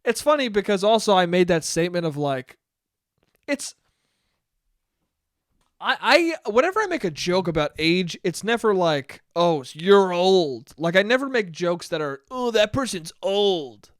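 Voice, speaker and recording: Man in his twenties, solo podcast host, casual, profane, rambling, smooth voice, dry close sound. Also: high-pitched, very animated, normal speed, fairly bright tone, no echo. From United States. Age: 20s. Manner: rambling, profane, laughs at his own jokes.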